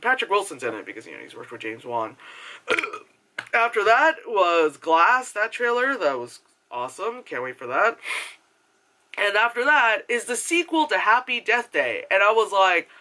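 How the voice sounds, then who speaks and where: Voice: medium pitch, sing-song, moderate pace, sharp tone. A movie reviewer talking casually to a camera, swearing freely, filling the talk with fillers and tangents, and mimicking other people. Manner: heavy filler words, goes off on tangents. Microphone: camera mic.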